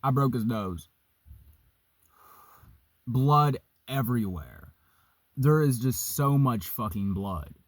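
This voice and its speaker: A young man casually telling a story, profane and animated, vaping as he talks. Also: medium pitch, slow pace, long pauses, no room sound. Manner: vaping while talking.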